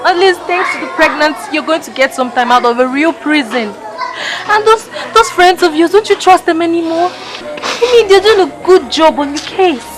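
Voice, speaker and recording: A gentle, protective woman with a Nigerian accent, her fairly high voice soft and reassuring. She talks in calm, comforting phrases while loud film music plays underneath. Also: normal speed, rough recording. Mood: soothing. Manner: soothing, reassuring. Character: caring woman friend comforting a scared colleague. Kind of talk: film drama acting.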